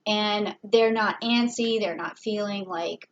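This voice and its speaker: Speaking slowly in a mid-range voice, a woman talks through a casual tarot reading, chatty and thinking aloud with fillers and little laughs. The audio sounds dull.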